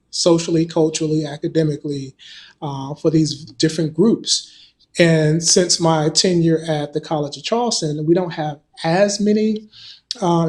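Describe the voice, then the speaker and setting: A man's voice: a little high, a little mellow. A man from North Carolina who works as a college professor, answering an interview question in a thoughtful way with many "you know" fillers. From North Carolina, USA. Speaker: professor and guest.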